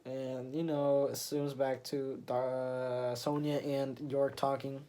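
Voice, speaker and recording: A man's voice: medium pitch, level tone, slow pace, dark tone. A man casually recapping a comic issue, rambling with many fillers and restarts as he retells scenes. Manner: retells scenes with quoted lines. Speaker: comic book reviewer.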